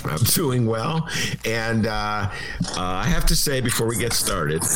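A male radio talk show host with a very low voice that swings widely in pitch. He teases his guest in a playful, rambling way, with plenty of "uh"s along the way. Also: lively intonation, unhurried, noisy background. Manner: playful, teasing, rambling with fillers. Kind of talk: casual political radio chat.

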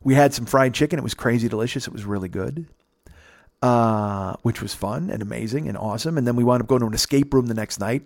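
A man's voice: mid-range voice, fast, vocal fry, a little mellow, no echo, studio quality. A man hosting a podcast, telling a story in a casual, rambling, profane way. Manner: profane, rambling, laid-back. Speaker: podcast host.

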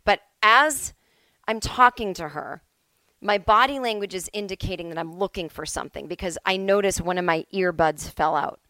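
A middle-aged woman hosting a comedy podcast from home, telling a rambling, self-deprecating story with lively asides. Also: mid-range voice, fairly quick, no echo. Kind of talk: casual comic storytelling.

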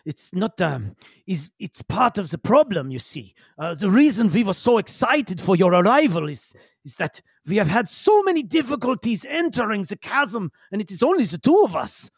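A man's voice: high-pitched, sing-song, husky, no echo, studio quality, heavily acted. A man voicing a distracted male alien researcher who mumbles and halts mid-thought. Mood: muttering. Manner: mumbling, halting, muttering to himself.

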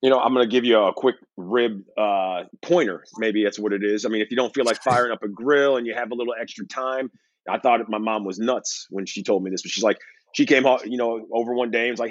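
A man's voice: medium pitch, fairly even intonation, brisk, dry recording, lo-fi sound. A man hosting a sports podcast, chatting casually with lots of fillers. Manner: conversational, rambling with fillers. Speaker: podcast host.

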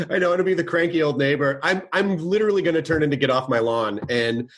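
Husky rambling male podcast host. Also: a little high, fairly quick. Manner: rambling, animated, swears casually. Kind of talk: casual chat.

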